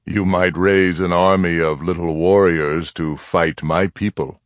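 A man voicing a grave, slow-spoken Apache chief. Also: sits low, fairly even intonation, no room sound. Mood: grave, measured. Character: stern, measured older Apache chief.

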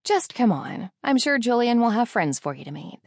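A woman's voice: on the high side, big pitch swings, moderate pace, no echo, clean studio sound, pitched above the performer's own voice. A woman doing a bubbly, gushing best friend. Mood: excited. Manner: loud, gushing, teasing. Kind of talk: audiobook character voice.

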